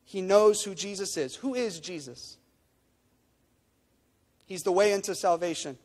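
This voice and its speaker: High-voiced man preaching in a reverberant hall. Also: measured pace, a little mellow. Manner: emphatic, repeats phrases and asks rhetorical questions. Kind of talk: sermon. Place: church sanctuary.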